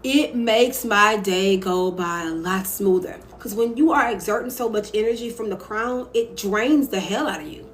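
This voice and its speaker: A woman's voice: medium pitch, moderate pace, hardly any pauses, slight background noise. A young adult woman hosting a casual live stream from home, talking emphatically and candidly into her phone while she reads viewer comments aloud. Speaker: live-stream host giving advice.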